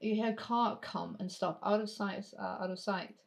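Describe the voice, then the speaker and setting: A woman running a tabletop game as game master, narrating in a casual, drawn-out way with some swearing. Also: medium pitch, steady tone, creaky.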